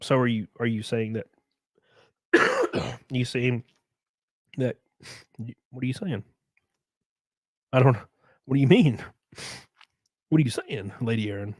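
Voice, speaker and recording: A man's voice: medium pitch, a little slow, pauses often, husky, dry recording. A man with a Southern US accent chatting casually on a live stream, reading chat aloud, swearing freely and laughing often.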